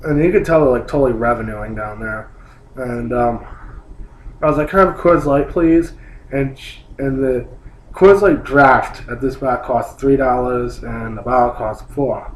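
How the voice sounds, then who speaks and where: A man's voice: medium pitch, measured pace. Man ranting in an echoey room. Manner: annoyed, complaining, swears, rambling with many likes. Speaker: vlogger. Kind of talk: casual ranting story. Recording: roomy echo, faint hum.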